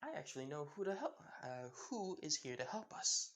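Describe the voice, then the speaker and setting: A relaxed, self-assured teenage boy who talks low and soft, easing his friend's nerves, as a man puts him on. His delivery stays hushed and unhurried, like a homemade fan story told out loud. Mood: reassuring. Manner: quiet, laid-back, soft-spoken. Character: calm, confident teen boy, supportive friend.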